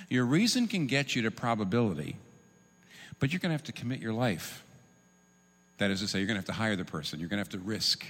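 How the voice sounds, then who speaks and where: A man preaching a sermon, teaching in an animated, humorous way with quick asides. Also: mid-range voice. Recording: long reverb in a large hall.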